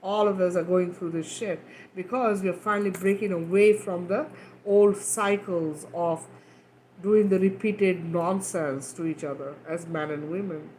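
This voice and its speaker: A woman's voice: lowish voice, steady tone, measured pace, darkish tone, slight background noise, low-quality recording. A woman, a mother, talking frankly and earnestly to camera in a casual spiritual chat, often checking in with "right?" and "okay?". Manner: earnest and emphatic, swears casually. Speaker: mother of two daughters.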